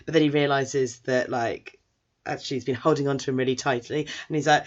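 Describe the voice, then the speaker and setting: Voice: medium pitch, fairly even intonation, a little fast, fairly bright tone. Chatty anime recapper. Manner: chatty, rambling, does character voices. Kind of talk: casual episode recap. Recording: dull lo-fi recording.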